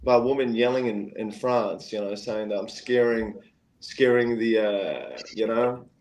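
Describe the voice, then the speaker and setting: A man's voice: measured pace, low-quality recording. A man, a guest singer-songwriter, telling a long story in casual chat. He jumps into quoted voices and keeps circling back with "anyway". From Australia. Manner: animated, acts out quoted voices with big pitch jumps, keeps saying "anyway".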